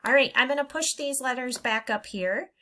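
A woman teaching young children to blend letter sounds, speaking in a slow, encouraging way and drawing the sounds out for them to repeat. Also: sits high, bright, forceful tone. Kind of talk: phonics lesson for young children.

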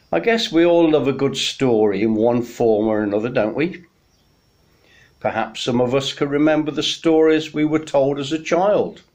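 A man, a church minister, giving a midweek sermon message in an unhurried storytelling manner with gentle pauses. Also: mid-range voice.

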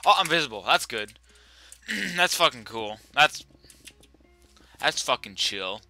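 A young man giving profane, excitable commentary while playing as a server admin, often repeating himself. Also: medium pitch, slow pace, no echo, faint music behind. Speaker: Minecraft server admin streamer. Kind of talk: gameplay commentary while recording.

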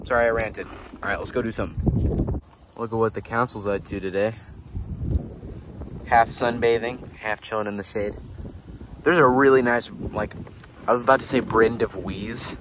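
A man's voice: mid-range voice, steady tone, normal speed, long pauses. Young male farm vlogger, slightly stuffy, easygoing and rambling; handheld outdoors with wind and water behind. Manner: rambling, laid-back, many fillers. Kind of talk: casual vlog chat. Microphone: handheld camera. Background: running water and wind.

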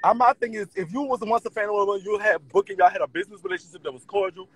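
Brief: fast-talking husky New Orleans host, calm and steering. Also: male voice, high voice, poor audio. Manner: tries to steer back to the point, calming. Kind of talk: live-stream talk show.

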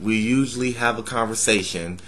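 A man's voice: lowish voice, normal speed, fairly bright tone, slight background noise. A young man talking bluntly to camera in a profane, joking way. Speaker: vlogger. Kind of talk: casual talk to camera.

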